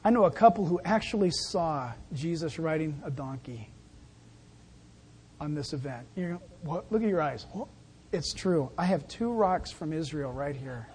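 Animated, jokey pastor preaching. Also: mid-range voice, normal speed, slight background noise. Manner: animated, jokey, acts out scenes. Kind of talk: sermon.

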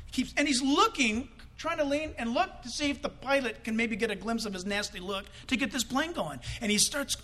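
Man preaching, high bright voice, lively swooping delivery, comic storyteller. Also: a little fast, hardly any pauses. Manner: animated, comic acting out of quoted voices. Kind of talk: storytelling sermon.

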